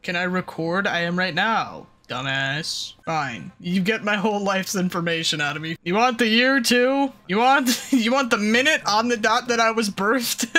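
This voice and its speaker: A gaming creator voicing loud, profane, laughing reactions while playing through a game. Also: mid-range voice. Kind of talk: let's play commentary.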